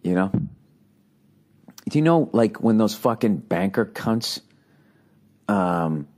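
Here the man's voice sits lowish and a little mellow, animated yet slow-paced. An American comedian and podcast host, he rants alone with plenty of swearing and sarcasm, rambling in exasperation and constantly restarting or using fillers.

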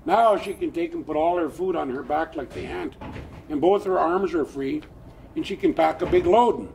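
Gravelly elderly male storyteller. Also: on the high side, moderate pace, slight background noise. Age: older. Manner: animated, plainspoken, chuckling asides. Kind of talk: oral traditional storytelling.

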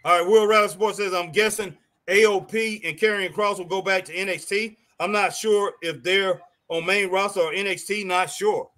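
Guy hyped up reading chat comments, kinda high bright voice. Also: normal speed, hardly any pauses. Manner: excitable, exclaims at the action. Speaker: co-host of a live wrestling watch-along.

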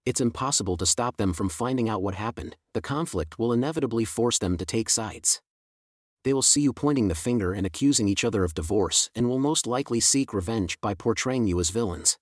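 A middle-aged man giving a scripted first-person story narration in an even, steady way. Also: fairly low pitch, fairly quick, dry recording, clean studio sound.

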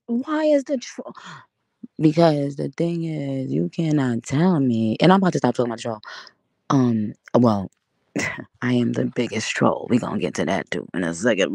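Animated woman with gravelly voice. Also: low voice, moderate pace, dry recording, clean studio sound. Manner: animated, profane, laughing, rambling. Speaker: livestream host. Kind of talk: casual livestream chat. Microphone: audio livestream from home.

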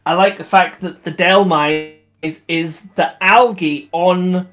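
A man's voice: high voice, fairly even intonation, takes it slowly, fairly bright tone, soft background music. A man co-hosting a casual livestream, enthusiastic and laughing often, with rambling restarts. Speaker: co-host.

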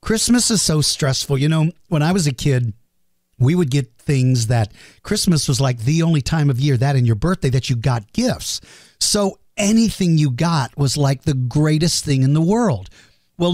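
A man's voice: a little high, lively intonation, moderate pace, darkish tone, dry recording, clean studio sound. A middle-aged man hosting a podcast, casually answering listener questions in a chatty, self-deprecating way. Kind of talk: casual Q&A monologue.

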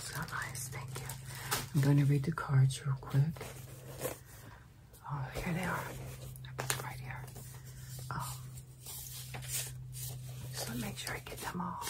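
A woman doing a whispered ASMR mail opening, switching between soft whispers and quiet speech and drawing out her words. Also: deep voice. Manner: slow, drawn-out words. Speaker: ASMR creator.

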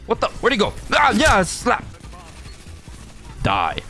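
An excitable man riffs through his own match in loose, joking commentary, and his voice rides a lively, swooping pitch. He sits a little high for a man and yelps when things go wrong, over faint background music. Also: a little slow, creaky, pauses often. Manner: excitable, jokey, laughs often and yelps at surprises. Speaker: gaming channel host. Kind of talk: casual gameplay commentary.

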